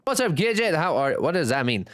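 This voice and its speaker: Here a lively, smooth-voiced man streams a game at a fairly quick clip, reading and answering chat aloud and thanking viewers. He's jokey and self-teasing, his pitch moving between high and low in casual live-stream banter.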